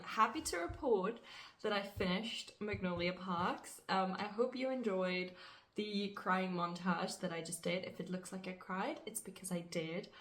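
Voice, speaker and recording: A woman's voice: medium pitch, a bit bright, rough recording. A young adult woman vlogging casually to camera about her reading, chatty and rambling, with lots of "like" and some blunt swearing. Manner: chatty, rambling, heavy use of "like". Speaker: book vlogger. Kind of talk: casual vlog chat to camera.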